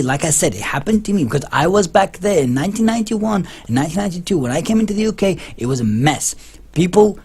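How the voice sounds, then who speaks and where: A man's voice: fairly high pitch, slightly rough. A man talking to camera in a casual opinion vlog, rambling and emphatic, with many restarts. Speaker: vlogger.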